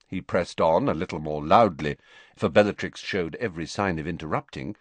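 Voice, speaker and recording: A man narrating an audiobook in a slow, measured reading. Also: sits low, dry recording. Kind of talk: scripted narration.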